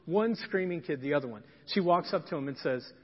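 High-voiced folksy male preacher. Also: lively intonation, fairly quick, husky. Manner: conversational, folksy, emphatic. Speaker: pastor. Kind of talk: sermon with storytelling. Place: church sanctuary. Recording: dull lo-fi sound with long hall reverb.

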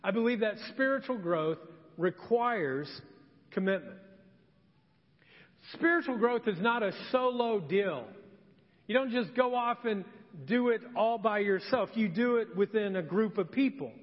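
High-voiced male pastor, echoing church. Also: lively intonation, unhurried, lo-fi sound. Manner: conversational, self-deprecating storytelling. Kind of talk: sermon. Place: church sanctuary.

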